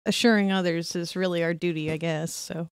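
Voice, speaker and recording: A woman co-hosting a casual podcast chat with deadpan, profane quips. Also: lowish voice, fairly quick, smooth, no echo. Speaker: podcast co-host.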